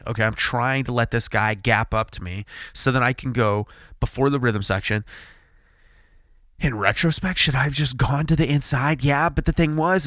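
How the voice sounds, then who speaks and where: A man in his thirties telling a racing story in a casual podcast chat, animated and profane, acting out the quotes. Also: mid-range voice, no echo, studio quality. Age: 30s. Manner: loud, excited retelling. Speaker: podcast host.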